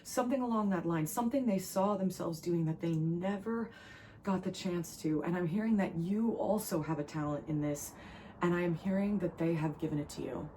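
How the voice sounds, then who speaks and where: A young woman from New Jersey reads tarot and channels messages in a low, earnest voice. She gets emotional, restarts often and circles back to repeat herself. A faint hum of room sound sits underneath. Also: normal speed, warm tone, rough recording. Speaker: tarot reader. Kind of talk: spiritual channeling reading.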